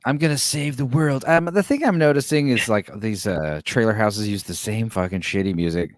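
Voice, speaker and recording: A man's voice: on the low side, moderate pace, a little hiss or hum. A man streaming and chatting casually, rambling and making crude jokes. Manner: joking, rambling, crude humor. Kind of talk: casual chat.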